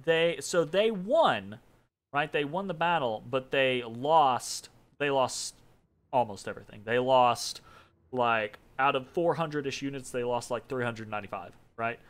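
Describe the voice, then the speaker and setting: In a mid-range voice at a measured pace, a man casually commentates his own turn in a strategy game for a let's play. He rambles, corrects himself, and throws in wry asides.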